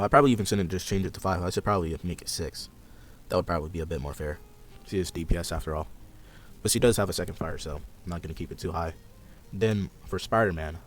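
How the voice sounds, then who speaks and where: A young man hosting a casual gaming chat, rambling and a bit sarcastic as he walks through his ideas. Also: low voice. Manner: laid-back, rambling, sarcastic. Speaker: podcast host.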